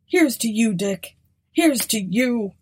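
A quavering old man, tipsy and teary, calls out toasts to old friends in a high, shaky voice, as a woman reader puts him on. The voice is dark and husky, and it pitches well above her slow narration. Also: expressive, full character voice. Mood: tearful, merry.

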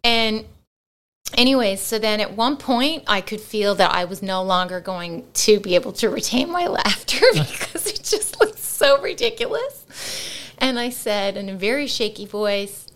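Giggly, animated woman podcast co-host. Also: mid-range voice, moderate pace. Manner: animated storyteller, laughs often. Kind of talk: casual chat.

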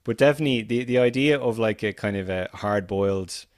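A man with an Irish accent hosting a film podcast, animated and opinionated, often restarting his sentences. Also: fairly low pitch, a little fast, no room sound, clean studio sound. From Ireland. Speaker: podcast host. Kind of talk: casual film podcast chat.

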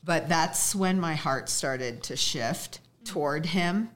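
A woman's voice: low voice, a crowd in the background. A woman guest recounting an emotional moment in a casual conversation. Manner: emotional, fast when recalling prayer.

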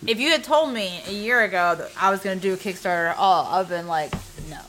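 A woman's voice: mid-range voice, a bit bright, rough recording. A woman chatting casually on a podcast, jumping in enthusiastically. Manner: enthusiastic, quick to chime in. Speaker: podcast co-host and player. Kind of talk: casual chat.

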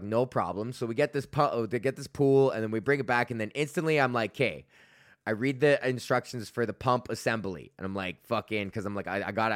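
A man's voice: medium pitch, a bit bright, dry recording, clean studio sound. A man hosting his podcast, telling a rambling, profane story packed with fillers and laughing at his own jokes. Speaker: podcast host and stand-up comedian. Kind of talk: casual rambling monologue.

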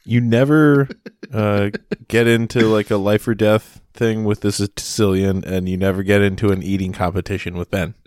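A man with a very deep voice trades quick-witted jokes in easy, casual banter. His voice sounds dry and close to the mic. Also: steady tone, darkish tone, no echo. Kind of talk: casual chat.

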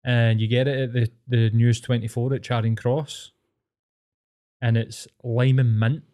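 A man's voice: mid-range voice, flat delivery, measured pace, warm tone. A Scottish man co-hosting a podcast, chatting in enthusiastic, sweary banter. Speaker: podcast co-host. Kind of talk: casual chat.

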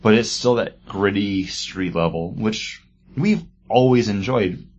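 A man's voice: on the low side, slow pace, breathy edge. A man co-hosting a casual podcast chat, rambling with many fillers. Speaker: podcast co-host. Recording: dull lo-fi sound.

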